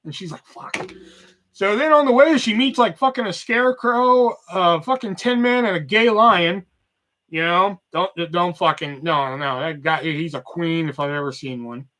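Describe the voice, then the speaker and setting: Bright-voiced man ranting with profanity. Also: sits high, normal speed. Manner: loud animated ranting, heavy swearing. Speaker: podcast host. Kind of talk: casual profane rant.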